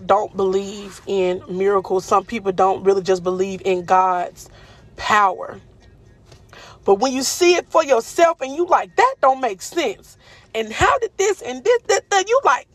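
Animated woman telling a story. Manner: animated, acts out quotes with jumps in pitch, speaks fast and slow by turns. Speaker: vlogger telling a personal story. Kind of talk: casual storytelling to viewers.

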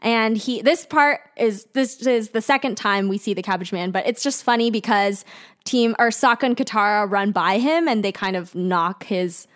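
A woman's voice: mid-range voice, moderate pace, a bit bright. A young woman talks through an episode on a podcast in an easy, chatty way. She recaps scene by scene and keeps the tone casual and friendly, with a medium voice in the usual range. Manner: chatty, acts out quoted lines with giggles. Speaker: podcast co-host.

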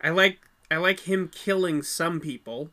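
Bright-voiced, blunt movie podcast co-host. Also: medium pitch, measured pace. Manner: blunt, swears casually, repeats words when starting. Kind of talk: casual movie review chat.

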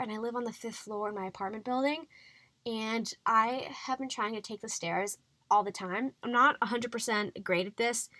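A young adult woman hosts a faith-based health podcast, talking in a chatty, encouraging monologue full of fillers. Her voice is mid-range and a bit bright, with no echo.

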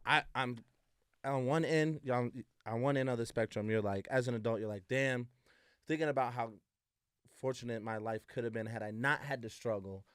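A young man co-hosting a podcast, telling family stories in an animated way, laughing often and acting out relatives' voices. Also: mid-range voice, normal speed, clear, resonant tone, no echo, studio quality. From Iowa. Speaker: podcast co-host. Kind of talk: casual storytelling chat.

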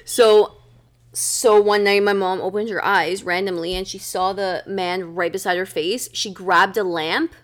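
A woman's voice: mid-range voice, steady tone, a little slow. A young woman co-hosting a podcast, telling family stories in a casual, filler-heavy way. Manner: chatty, filler-heavy storytelling. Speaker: podcast co-host. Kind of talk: casual chat.

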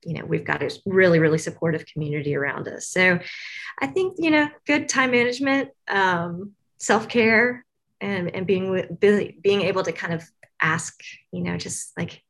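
Her intonation is lively and her pace moderate, with a fairly low pitch and fairly bright tone. The speaker is a Tennessee woman on university staff, answering interview questions chattily, rambling, using many fillers, and laughing a lot.

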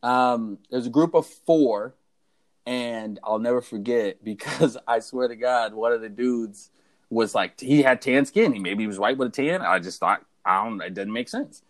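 A young man co-hosting a podcast tells a story in a casual chat, speaking at normal speed in a medium-pitched voice. He's an animated storyteller who acts out the voices of the people in it.

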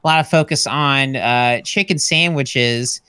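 A man co-hosting a comedy podcast, rambling in casual banter with lots of halting restarts. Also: medium pitch, bright, forceful tone, smooth, no room sound. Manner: rambling, halting, full of "you know" and restarts. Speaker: podcast co-host.

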